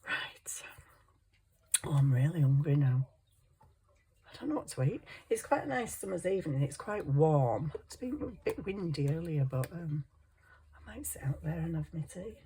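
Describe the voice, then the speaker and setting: A woman's voice: low-pitched, warm tone, slight background noise. A woman chatting casually to viewers and herself as she works on a wire craft project. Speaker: craft vlogger. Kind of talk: casual chat while crafting.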